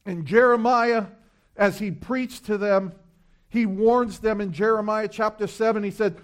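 Pastor, male, high voice, emphatic repetitive sermon delivery. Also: a little slow. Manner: emphatic preaching, repeats phrases, reads scripture aloud.

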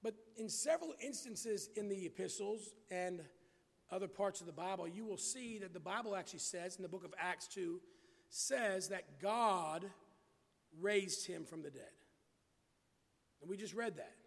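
High gravelly preacher in a reverberant church. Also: male voice. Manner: reads scripture slowly and emphatically, then drops to quiet asides. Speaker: pastor. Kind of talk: expository Bible sermon. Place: church building.

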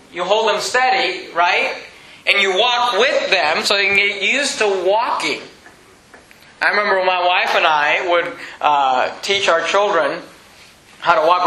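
A man's voice: sits high, roomy sound, low-quality recording. A man preaching a sermon, repeating his points and questioning the congregation emphatically. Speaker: pastor.

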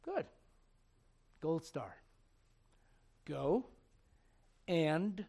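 High-voiced preacher swinging quiet to loud. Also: male voice, lively intonation, moderate pace. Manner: humorous, acts out quoted voices. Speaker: pastor. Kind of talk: sermon.

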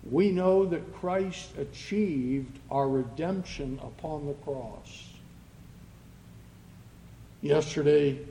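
A man preaching a sermon as pastor, speaking slowly and rising to loud, emphatic readings of scripture. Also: fairly high pitch, slight background noise. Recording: long reverb of a church hall.

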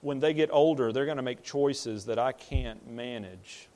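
A man's voice: medium pitch, measured pace, a little mellow. A man in the role of pastor, preaching in a conversational way, plain-spoken and often repeating or restarting words as he builds a point. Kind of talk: conversational sermon.

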